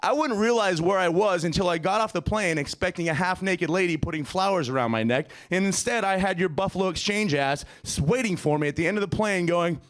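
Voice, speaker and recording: A man's voice: high voice, brisk, few pauses, fairly bright tone. Ranting, foul-mouthed male stand-up comedian. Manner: profane, ranting. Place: comedy stage before a live studio audience.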